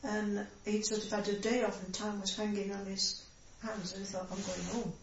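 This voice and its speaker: An older woman, reminiscing in an oral history interview, talking slowly in a halting way with many fillers. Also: medium pitch, flat delivery, recorded from a distance, slight background noise. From Sheffield area, England. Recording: very echoey, off-mic, dull recording.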